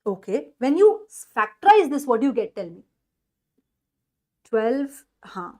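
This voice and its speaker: A woman maths teacher with an Indian English accent, giving an energetic online exam-prep lecture and coaxing students with questions. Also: fairly high pitch, measured pace.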